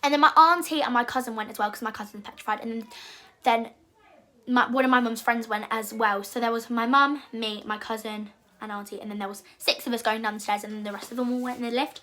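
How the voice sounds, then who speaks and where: A young woman telling a rambling, animated storytime vlog and acting out her own panicked quotes. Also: a little high, fast. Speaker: vlogger.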